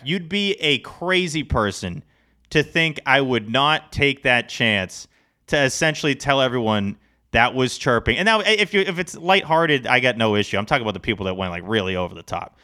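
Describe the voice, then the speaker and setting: A man co-hosting a sports podcast, talking in a casual, animated, rambling way. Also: medium pitch, moderate pace. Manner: animated, rambling, self-deprecating. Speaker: podcast co-host.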